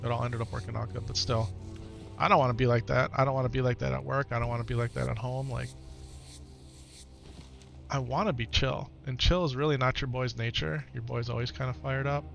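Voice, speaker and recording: A man's voice: mid-range voice, flat delivery, brisk, creaky, soft background music. A middle-aged man streaming live, talking casually and earnestly to his viewers, often repeating phrases for emphasis.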